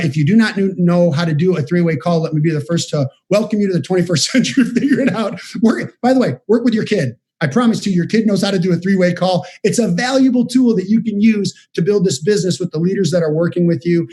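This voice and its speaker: A man with a rather high voice leads a motivational business training over a video call. He talks with energy and speaks straight to his listeners, coaching them step by step. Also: fast talker, hardly any pauses. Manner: energetic, direct, coaching the audience. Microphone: video call setup.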